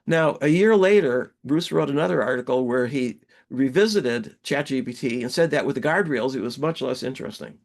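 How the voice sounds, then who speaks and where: A man giving an academic webinar lecture, telling anecdotes in a halting, digressive way with frequent restarts. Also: medium pitch, expressive, gravelly.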